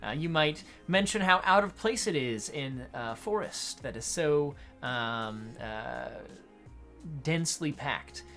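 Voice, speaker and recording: A man acting as a game master, explaining adventure design in an unhurried tutorial talk while thinking aloud. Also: on the high side, expressive, a bit bright, faint music behind.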